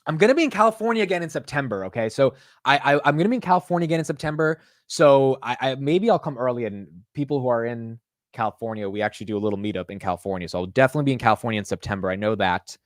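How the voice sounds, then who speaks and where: A young man hosting a finance livestream, talking in an excitable, rambling way and calling his viewers bro and dude. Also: medium pitch, rapid-fire, no echo, studio quality. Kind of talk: casual live-stream chat.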